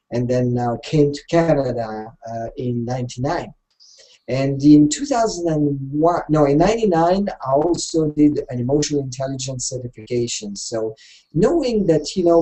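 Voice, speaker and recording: A middle-aged man from Switzerland with a French accent, answering interview questions with many pauses and restarts. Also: medium pitch, dark tone, rough recording. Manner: hesitant, many fillers and restarts. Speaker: guest, career and training consultant.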